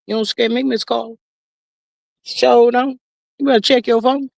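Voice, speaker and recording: A woman's voice: a little high, steady tone, unhurried, gravelly, no echo, studio quality. A woman hosting a casual livestream chat, greeting viewers and talking in a chatty, playful way with lots of slang. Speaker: livestream host.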